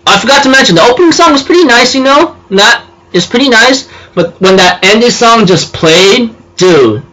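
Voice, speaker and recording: A man's voice: extremely high pitch, animated, normal speed, pushed and bright, rough recording. A man casually recapping an anime episode, rambling with many fillers and restarts. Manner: rambling, filler-heavy, self-correcting. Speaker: anime reviewer.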